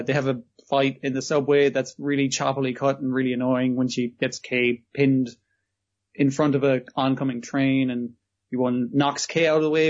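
A man in casual podcast chat, sweary and exasperated, acting out quotes as he retells an anime. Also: medium pitch. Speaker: podcast co-host. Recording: dull lo-fi audio.

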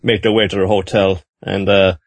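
A man casually recapping a story in a rambling, animated way, doing quick voices as he goes. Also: deep voice, dry recording. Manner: rambling, animated, with frequent fillers and restarts.

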